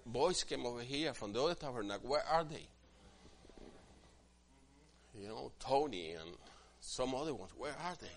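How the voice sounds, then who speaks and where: A man preaching a sermon as pastor, swinging from quiet asides to loud, emphatic passages and acting out what church members say. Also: medium pitch, lively intonation, normal speed, long pauses. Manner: acts out quoted church members in different voices.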